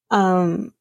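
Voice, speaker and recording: A woman's voice: medium pitch, creaky, darkish tone, dry recording. A woman podcast host giving a casual TV episode recap, chatty with wry sarcastic asides.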